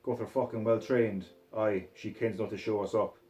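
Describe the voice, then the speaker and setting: A man reading a story aloud in the first person, putting on a Scottish accent and talking in a rough, swaggering way. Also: fairly low pitch, fairly even intonation, moderate pace, warm tone. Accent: put-on Scottish accent. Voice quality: rough, profane, swaggering narration in character. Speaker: reader of a short story.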